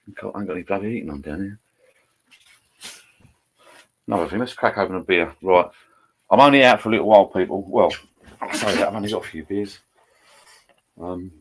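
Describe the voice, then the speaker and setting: A man's voice: low-pitched, breathy edge. A middle-aged man, rambling casually on a live stream from his home bar and greeting viewers by name. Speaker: channel host. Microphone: laptop.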